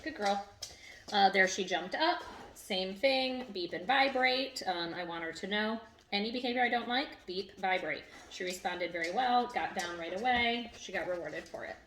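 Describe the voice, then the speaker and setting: A woman's voice: mid-range voice, normal speed, fairly bright tone. A woman in a casual vlog, explaining how she trains her dog and cooing praise at it, recorded indoors at home. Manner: chatty, self-deprecating, coos praise at a dog. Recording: echoey room with faint noise.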